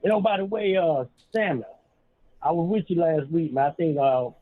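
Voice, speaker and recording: A man's voice: a little high, animated, moderate pace, no echo. A man calling in to a podcast, talking in a laid-back, slangy street style. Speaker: caller. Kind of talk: casual call-in chat. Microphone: phone call. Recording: tinny phone line.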